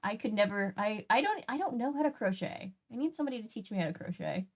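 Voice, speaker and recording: A woman's voice: mid-range voice, big pitch swings, fast. A woman hosting a stream, chatting casually as she reads comics aloud, often trailing off and restarting her sentences. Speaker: streamer host. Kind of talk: casual chat while reading comics aloud.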